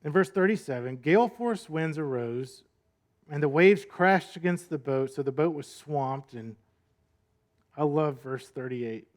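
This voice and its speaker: A man's voice: on the high side, lively intonation, a little slow. A male pastor giving a sermon in a conversational, storytelling way, full of rhetorical questions.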